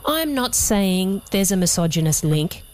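A woman's voice: mid-range voice, very animated, a little slow, a little mellow, slight background noise. A woman with an Australian accent hosting a produced radio feature, wry and playful with jokey asides. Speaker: host. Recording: music bed underneath.

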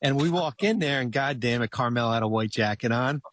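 A middle-aged man tells a long, winding story in a relaxed chat, often restarting his sentences and stacking fillers. His voice sits at an everyday pitch and sounds close and dry, with no room around it. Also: brisk, dry recording. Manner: rambling, with many restarts and fillers. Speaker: guest telling a story.

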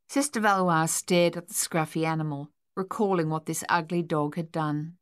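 A woman narrating a novel in a measured, steady way. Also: low voice, smooth, dry recording, studio quality. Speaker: audiobook narrator. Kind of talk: scripted narration.

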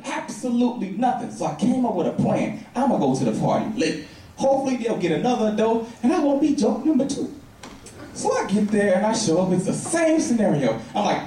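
A man doing a stand-up comedy routine, telling a story with lively voiced characters. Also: high-pitched, slight background noise. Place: comedy club stage. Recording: echoey club from a distance, crowd.

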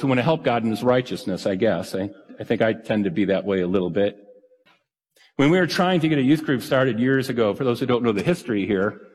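A male pastor with a medium-pitched, darkish voice gives a sermon in an earnest, conversational, self-deprecating way. The recording carries the reverb of a church hall.

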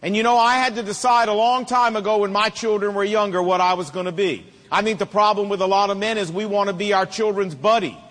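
A middle-aged man delivers a sermon in a notably high voice. He hammers home his points with repetition and homespun jokes. A long reverb trails his words, as in a large hall. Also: fairly even intonation, fast, few pauses, a bit bright. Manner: emphatic, repetitive rhetorical preaching with folksy humor. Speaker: pastor.

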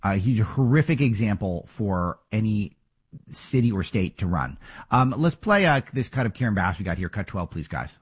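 A male talk host with a husky, slightly rough voice, pitched a little low. He argues his points emphatically and fires off rhetorical questions in a political commentary monologue. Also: sing-song, normal speed.

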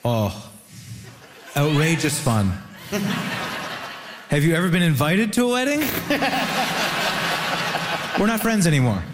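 A man's voice: a little high, big pitch swings, takes it slowly, long pauses, in a large hall, heavy background noise. A man from Ontario doing stand-up comedy with wry punchlines. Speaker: comedian panelist.

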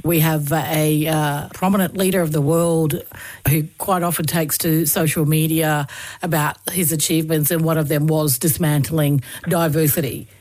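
A woman's voice: sits low, flat delivery, normal speed, darkish tone, no echo. A woman hosting a community radio interview, asking friendly, probing questions. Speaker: radio host.

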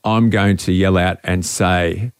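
A man's voice: low voice, fairly even intonation, slow pace, clear, resonant tone, no room sound, studio quality. A middle-aged man telling a rambling, sentimental story in a casual radio chat.

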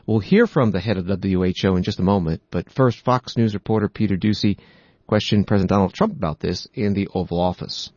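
A man hosting a news program, reading reports and quotes in a steady, matter-of-fact way. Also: low voice, a little fast, no echo, dull audio. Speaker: news podcast host.

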